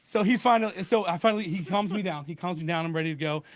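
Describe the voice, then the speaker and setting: A man in a casual podcast chat with friends, telling a story in an animated way and acting out both sides of phone calls. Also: sits high, rapid-fire, slight background noise. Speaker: podcast co-host.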